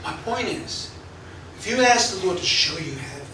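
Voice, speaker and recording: A man's voice: high voice, animated, normal speed, sharp tone, slight background noise. A male pastor preaching and telling stories with animation, often laughing as he speaks. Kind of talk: sermon with personal storytelling. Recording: echoey church hall, mic at a distance.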